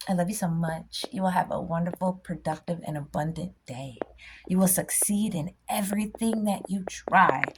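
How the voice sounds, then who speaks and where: A woman giving a blunt, impassioned motivational rant as a spiritual vlogger, swinging from loud bursts to soft whispers. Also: medium pitch, noisy background.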